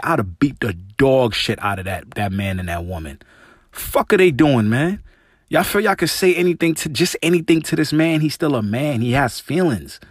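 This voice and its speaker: Fairly quick and animated, this mid-range, slightly rough male voice comes through clean studio audio without room sound. He runs a casual podcast by himself, speaking loosely with lots of "man" and "you know," getting heated and emphatic in rants, and he has young children.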